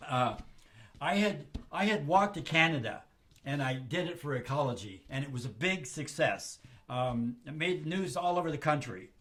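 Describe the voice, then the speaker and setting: Older man, slightly high voice, animated storyteller who acts out the other people in his tale. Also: moderate pace. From Southern California. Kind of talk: casual spoken anecdote.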